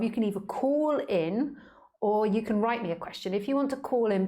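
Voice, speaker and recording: A woman's voice: medium pitch, darkish tone. A woman hosting a casual live stream from home, playful and chatty with many fillers. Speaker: live stream host and spiritual teacher.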